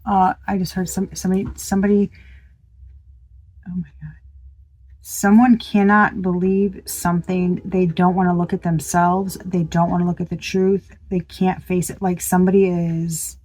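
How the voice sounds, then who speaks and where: A woman's voice: lowish voice, little pitch movement, moderate pace, warm tone, rough recording. A woman reads tarot for her viewers in a loose, chatty way. She is exclamatory and swears freely. She thinks aloud, trailing off mid-sentence and starting over. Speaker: tarot reader. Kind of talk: casual tarot reading to viewers.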